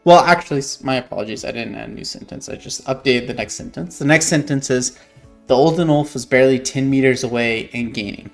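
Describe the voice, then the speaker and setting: A man's voice: mid-range voice, brisk, gravelly, faint music behind. A man, an author, reading passages from his own novel aloud and explaining his edits in a thoughtful, hesitant way, often correcting himself.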